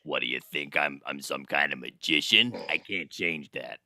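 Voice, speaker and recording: A man's voice: very deep voice, expressive, moderate pace, bright, forceful tone, dry recording, clean studio sound. A man, a podcast co-host, throwing teasing and sarcastic remarks into casual banter.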